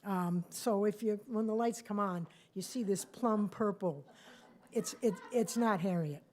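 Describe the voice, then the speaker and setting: A woman's voice: medium pitch, measured pace. Chatty woman telling a story live. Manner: chatty, animated, asides to the audience. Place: small cafe stage with audience.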